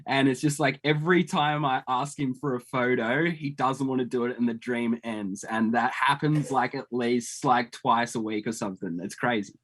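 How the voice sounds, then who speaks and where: A man's voice: mid-range voice, steady tone, moderate pace, hardly any pauses, fairly bright tone. A male guest in casual chat, laughing and enthusiastic.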